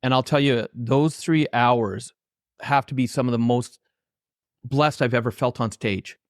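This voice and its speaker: A Canadian author and trainer, appearing as a guest on an interview podcast, shares heartfelt personal anecdotes and acts out the dialogue of the people involved, his own included. His medium-pitched voice moves at a measured pace, recorded in studio quality with no room sound.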